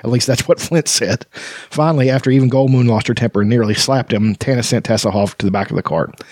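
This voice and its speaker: A man reads long passages from a fantasy novel, now and then tripping over words and breaking off for casual remarks. His voice sits at a middle pitch, and the recording is close and dry, with no room sound. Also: fast, darkish tone, no room sound. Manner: reads with stumbles and restarts, chatty asides. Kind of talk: reading aloud from a novel with commentary.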